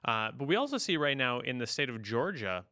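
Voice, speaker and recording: A man with a bright, crisp, clear voice explains things earnestly on a podcast. The sound is dry and close. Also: medium pitch, very animated, a little fast, dry recording. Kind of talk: casual chat.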